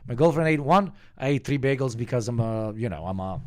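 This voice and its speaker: A man from the Balkans with a slight Slavic accent, a squeaky voice with deep undertones, chatting and joking on a stream and swearing freely. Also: expressive, brisk. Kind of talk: casual stream chat.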